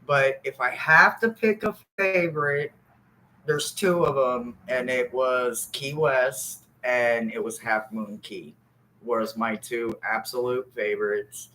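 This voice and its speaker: Animated, profane woman storyteller. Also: extremely low pitch, takes it slowly, slight background noise, low-quality recording. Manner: animated, profane, laughs often. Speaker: live stream host. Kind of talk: casual storytelling chat.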